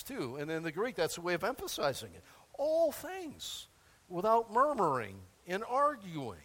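A man's voice: sits high, wildly swooping pitch, normal speed, bright, forceful tone, in a large hall. An older man preaching a sermon in a folksy, emphatic way, with asides and chuckles. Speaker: pastor.

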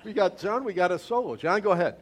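A man's voice: sits high, quick pace. A male pastor giving an interactive sermon, calling on members of the congregation and repeating key words for emphasis.

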